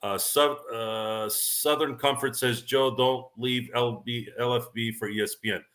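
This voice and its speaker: A man's voice: mid-range voice, steady tone, measured pace, a bit bright. A man hosting a casual sports talk stream, rambling with stammered restarts and reading viewer questions aloud. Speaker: podcast host.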